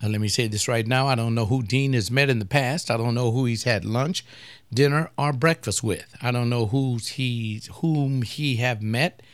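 Blunt older pastor hosting a webcast. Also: male voice, mid-range voice, normal speed, smooth, dry recording. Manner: blunt and provocative, rambling asides. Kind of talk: casual talk-radio monologue.

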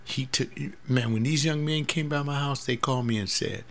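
A man's voice: medium pitch, moderate pace, fairly bright tone. A man in his seventies, a pastor, talking earnestly in a rambling personal monologue, often repeating words. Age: 70s.

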